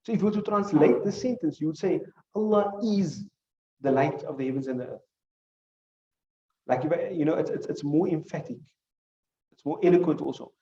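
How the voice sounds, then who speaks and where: A man's voice: fairly high pitch, brisk, long pauses, warm tone, echoey room, far from the mic, dull audio. A male teacher gives a classroom lecture, explaining with examples and putting questions to his students.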